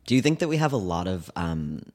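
A man's voice: sits low, very animated, brisk, darkish tone. A man co-hosting a comedy podcast, chiming in with dry, wry one-liners. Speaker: podcast co-host. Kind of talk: comedic banter.

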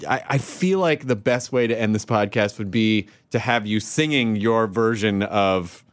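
A man's voice: on the low side, a little slow. A man from Tennessee hosting a podcast in casual chat, joking and laughing often. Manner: jokey, laughing, slips into silly voices. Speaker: podcast host.

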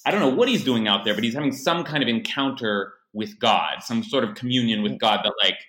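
A man talking casually on a podcast, rambling through his points with lots of fillers and restarts. His voice is bright and clear, with a noticeable echo from the room around him. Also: mid-range voice, fairly quick. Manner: rambling, hesitant, frequent fillers. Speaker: podcast co-host. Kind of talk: casual chat.

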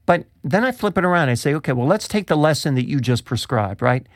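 A man's voice: on the high side, expressive, quick pace, no room sound, clean studio sound. A man co-hosting a discussion, asking probing questions and laughing easily. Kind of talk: conversational discussion.

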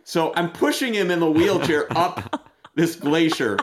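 A man's voice: on the high side, lively intonation, unhurried. Man telling a rambling story. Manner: rambling storyteller, gets loud and laughing while retelling. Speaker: podcast co-host. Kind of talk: casual chat.

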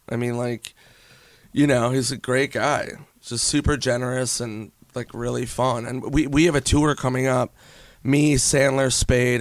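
A man's voice: medium pitch, dry recording. A man talking as a guest in a casual interview, loose and laughing, swearing often and filling with "like". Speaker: comedian and actor guest.

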